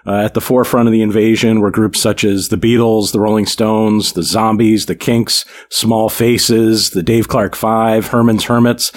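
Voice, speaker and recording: A man's voice: lowish voice, little pitch movement, normal speed, few pauses. A man co-hosting a casual music podcast, reeling off names with frequent fillers. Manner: reads lists with fillers and small laughs. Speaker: podcast co-host.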